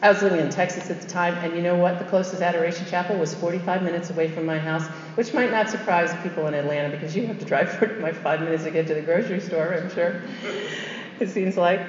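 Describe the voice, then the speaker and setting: A woman's voice: on the low side, steady tone, fast talker, slight background noise. A middle-aged woman, a religious sister, giving an emphatic storytelling faith talk with conversational asides and repeated key phrases. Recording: echoey hall, dull muffled sound.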